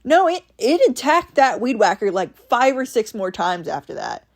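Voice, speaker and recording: A woman from Ohio tells a story in a relaxed vlog style. She talks animatedly and acts out what everyone said, in a voice a little on the high side. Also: normal speed. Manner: animated, quotes people in her stories. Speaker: vlogger. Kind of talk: casual storytelling.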